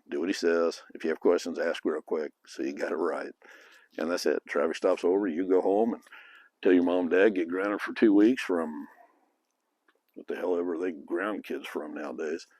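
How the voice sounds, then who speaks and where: A man's voice: deep voice, darkish tone, dry recording, clean studio sound. A middle-aged man, a former police officer, giving blunt, frank advice in a casual monologue. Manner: blunt and frank, with occasional profanity.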